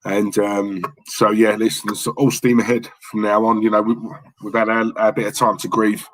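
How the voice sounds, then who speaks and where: A man's voice: lowish voice, flat delivery, moderate pace, noisy background. A man hosting a live football watchalong, chatting casually and cheekily while reading comments, with lots of fillers and repeated words. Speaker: livestream host.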